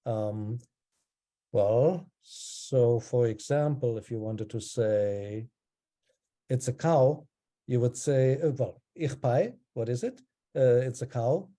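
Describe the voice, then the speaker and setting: A man teaching an online language class, explaining in a relaxed way with frequent ums and pauses. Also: medium pitch.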